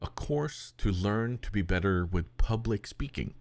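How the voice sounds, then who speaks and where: Man, very deep voice, gravelly, lively swinging pitch, casual podcast co-host, dry close sound. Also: a little slow, dry recording. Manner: rambling and animated, slips into high cute voices for quotes.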